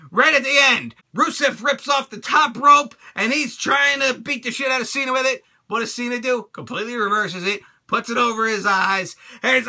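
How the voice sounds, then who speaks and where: A man hosting his own channel, reviewing a wrestling show in an animated, crude rant full of swearing and laughter. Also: extremely high pitch.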